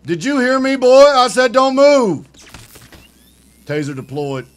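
A high-pitched man yelling relentless, profane drill-sergeant orders during game roleplay. His voice sits well above the usual male range, and his insults run on without pause. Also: sing-song. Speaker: streamer playing a state trooper.

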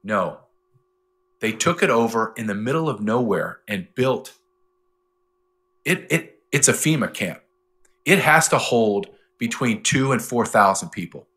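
A man being interviewed who tells his stories in an animated, emphatic way. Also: medium pitch, measured pace, long pauses. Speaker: interview guest. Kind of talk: interview talk.

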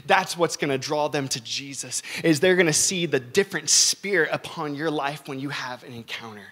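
A young man preaching to a church congregation with lively, energetic storytelling. His voice sits a little high for a man, and he leans on frequent fillers as he goes. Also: moderate pace. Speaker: youth pastor. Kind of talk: sermon.

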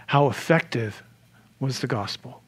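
Animated male pastor preaching. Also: mid-range voice, measured pace, slightly rough. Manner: animated, rhetorical questions, humorous asides. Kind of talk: sermon.

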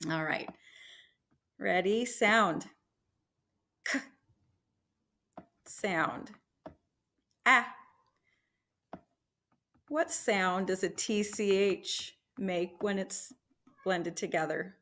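A woman teacher leading a slow, encouraging phonics lesson for young children, sounding out letters and blending words. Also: mid-range voice, bright, forceful tone.

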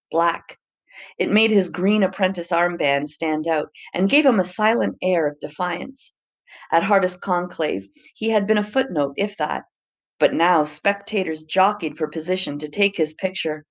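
A woman narrating a novel chapter in a measured, even storytelling manner. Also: fairly low pitch. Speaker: audiobook narrator. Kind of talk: scripted narration.

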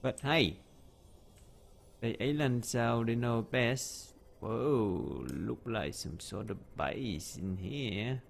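Slow-talking gravelly man streaming a game. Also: on the low side. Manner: talks to himself, exclaims and jokes, broken English. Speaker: gameplay streamer. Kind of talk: live game commentary. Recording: faint keyboard typing in background.

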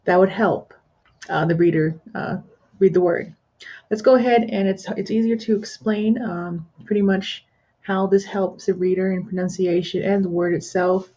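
A woman teaching a pronunciation lesson to an imagined class, pausing for their answers and using plenty of fillers like "uh" and "um". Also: mid-range voice, steady tone, mellow, breathy edge. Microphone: screen recorder with built-in microphone. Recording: dull lo-fi screen recording.

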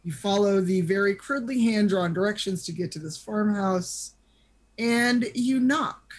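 A woman narrating an online tabletop game as game master, chatty and halting with lots of fillers. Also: medium pitch. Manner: chatty, hesitant with many fillers.

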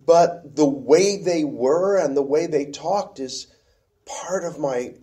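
Mellow-voiced man musing on acting. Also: on the high side, slow. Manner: musing, trails off and restarts, animated when making a point. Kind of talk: casual conversation.

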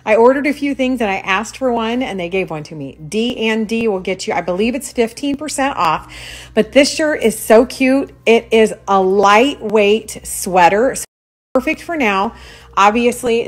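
A woman's voice: fairly high pitch, measured pace. A woman in her forties talking casually to her followers as a lifestyle blogger, rambling and poking fun at herself, dropping into mock voices for her own asides. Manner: rambling, self-mocking, animated storytelling with mock-voiced asides. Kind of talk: casual chatty vlog to followers.

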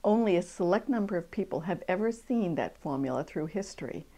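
A woman from the almanac staff, explaining its history in a measured documentary interview. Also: on the low side, animated, dark tone.

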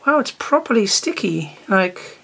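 A woman's voice: mid-range voice, very animated, measured pace, creaky, a bit bright, breathy edge. A woman chatting casually while unboxing art supplies, rambling and often trailing off mid-sentence. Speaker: art teacher. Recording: noticeable background noise.

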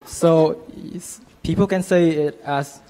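A man's voice: on the high side, fairly even intonation, slow, warm tone. Vietnamese-born student man in echoey hall. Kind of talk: answering in class. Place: lecture hall. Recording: reverberant lecture hall.

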